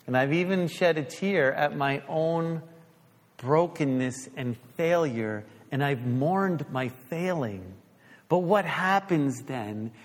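A man preaching a sermon as pastor, emphatic, putting questions to the congregation and dropping his voice low to stress a point. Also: in a large hall.

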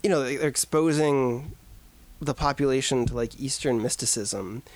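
A man's voice: medium pitch, normal speed, no echo. A man co-hosting a podcast in casual, rambling chat. He is jokey and fills his talk with "like". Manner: rambling, filler-heavy, jokey. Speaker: podcast co-host.

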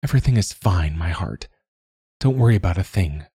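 A man's voice: low voice, animated, takes it slowly, husky, no echo, clean studio sound, heavily acted. A man voicing a young witch woman who murmurs tenderly and soothingly. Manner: soft murmuring.

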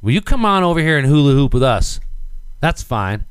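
A man's voice: medium pitch, very animated, brisk, clear, resonant tone, no room sound. A middle-aged man co-hosting a casual banter show, reading news items aloud and then joking about them. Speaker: co-host.

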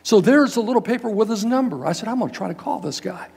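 An older man, a guest pastor, telling a story in a sermon in a folksy, animated way, acting out the people in it. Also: high voice, fast talker, vocal fry, slightly rough. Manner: animated, folksy, quotes people in raised voices.

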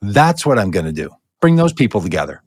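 A man's voice: fairly low pitch, sing-song, fairly quick, breathy edge, dry recording. Male co-host, sarcastic ranter, dry close sound. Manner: sarcastic, ranting. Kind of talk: political commentary chat.

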